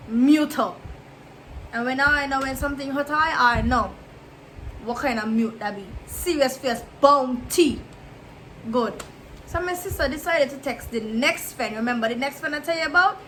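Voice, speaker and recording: Woman vlogger, casual storytime delivery, chatty and emphatic, fairly high and bright. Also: moderate pace, a little hiss or hum, poor audio. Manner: chatty, repetitive, emphatic storytelling with asides to viewers.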